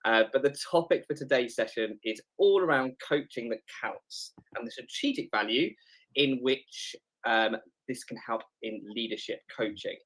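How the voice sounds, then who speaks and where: A man's voice: mid-range voice, animated, moderate pace, fairly bright tone, rough recording. Chatty british guy hosting an online webinar, upbeat and jokey. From Britain. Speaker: webinar host. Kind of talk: casual webinar chat. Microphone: video call.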